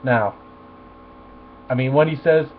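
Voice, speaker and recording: A man's voice: mid-range voice, takes it slowly. A man ranting animatedly and profanely through a review of a superhero film. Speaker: movie reviewer. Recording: tinny phone-like audio with faint mains hum.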